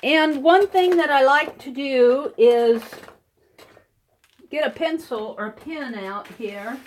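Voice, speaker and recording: A woman's voice: high-pitched, takes it slowly, a little hiss or hum. A woman hosting a live art stream, chatting casually while she paints, laughing often and greeting viewers by name. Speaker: art livestream host. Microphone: computer mic over wireless connection.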